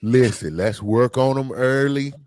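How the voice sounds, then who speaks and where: A man hosting a casual podcast conversation, animated and exclaiming, reading out viewer comments. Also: medium pitch, a little slow, no room sound. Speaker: podcast host.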